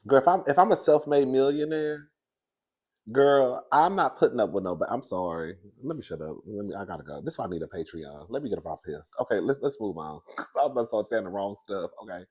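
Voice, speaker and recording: A man dishes celebrity gossip in a loose, sassy way. He laughs often and swings between high, excited squeals and hushed, secretive whispers. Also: fast, husky. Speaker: commentary host.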